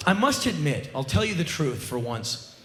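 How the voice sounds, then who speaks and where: Animated man telling stories on stage. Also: a little high, normal speed, a little hiss or hum. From United States. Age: 40s. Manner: animated storytelling with sudden loud outbursts. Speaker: spoken word performer. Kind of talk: live spoken word monologue. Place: theater stage before a live audience. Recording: roomy live theater sound.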